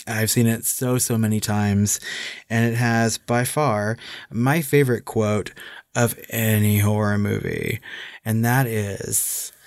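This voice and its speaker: A man's voice: fairly low pitch, steady tone, slow, no room sound, clean studio sound. Laughing male podcast co-host. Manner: enthusiastic, laughs often. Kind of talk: casual chat.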